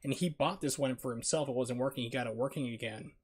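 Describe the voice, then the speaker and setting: A man streaming a retro game, chatting casually in a rambling, filler-heavy way and quick to break into a rant. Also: mid-range voice, slightly rough. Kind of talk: casual live-stream chat while gaming. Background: game music.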